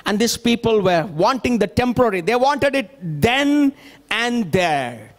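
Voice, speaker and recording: A man's voice: very high-pitched, very animated, unhurried. A male pastor, preaching a sermon emphatically and asking the congregation rhetorical questions.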